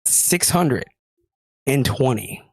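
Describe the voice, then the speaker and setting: A man co-casting a live card game tournament, relaxed and slangy in casual chat. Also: medium pitch, slow, vocal fry, no room sound, clean studio sound. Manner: laid-back and slangy. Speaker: co-caster.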